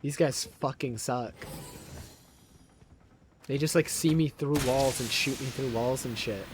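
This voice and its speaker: A man's voice: medium pitch, a little slow, background noise. A young man streaming live gameplay, frustrated, swearing and ranting at the game. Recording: game music and gunfire behind. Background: game music and gunfire.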